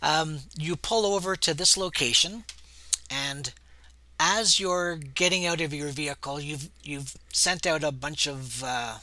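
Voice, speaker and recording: A man narrating a tabletop role-playing game as game master in a relaxed, hesitant way. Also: on the high side, unhurried, no echo.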